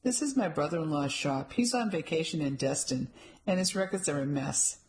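A woman's voice: deep voice, expressive, moderate pace, darkish tone. A woman voicing a short, tattooed male pawn shop salesman with chummy sales patter in an audiobook.

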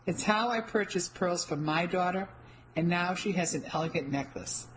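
A woman voicing a white-haired grandmother who speaks in a quiet, weary way. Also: fairly low pitch, moderate pace, slight background noise, natural voice, low-quality recording. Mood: wistful. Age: older. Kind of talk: audiobook character reading.

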